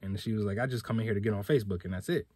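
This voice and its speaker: A man's voice: fairly low pitch, very fast, mellow, breathy edge, dry recording, studio quality. A young man hosting a podcast, telling a personal story in a laid-back, slangy way. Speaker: podcast host. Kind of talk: casual storytelling.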